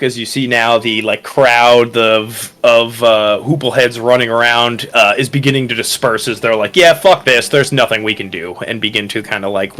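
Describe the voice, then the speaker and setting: A man's voice: medium pitch, fairly bright tone. Guy running a tabletop game, rambly and casual, faint music underneath. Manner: loose, rambling narration full of fillers. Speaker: game master.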